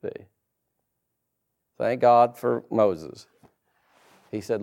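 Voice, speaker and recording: A man preaching a sermon in church, animated and calling out to the congregation. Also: mid-range voice, slow, vocal fry, long pauses. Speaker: pastor.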